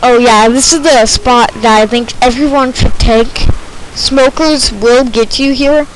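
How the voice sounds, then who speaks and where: A woman with a high-set voice talks over her gameplay footage in a slow, drawn-out let's play commentary. She gets jittery and excitable, looping the same few words when things turn tense, with a faint hiss of noise behind her. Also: poor audio.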